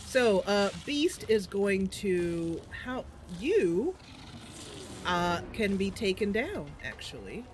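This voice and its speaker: Slow-talking woman streamer thinking aloud. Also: medium pitch, very animated, a little hiss or hum. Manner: chatty, muttering plans to herself. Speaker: streamer playing a game. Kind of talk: thinking aloud while playing.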